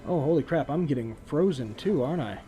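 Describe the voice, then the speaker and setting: A man's voice: on the high side, expressive, brisk, mellow, faint music behind. A man streaming a survival game, chatting casually with laughing asides. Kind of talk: casual gameplay commentary.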